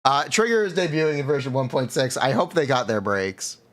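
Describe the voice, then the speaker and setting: A man's voice: medium pitch, very animated, a little fast, a bit bright. A man streaming live, chatting casually and joking, laughing often.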